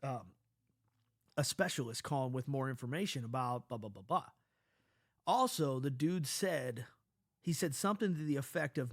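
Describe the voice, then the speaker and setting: Congested from a cold, this man rambles through a personal story in a medium-pitched voice at normal speed, with long pauses. His telling is animated and profane, full of restarted sentences, and it's captured in studio quality without echo.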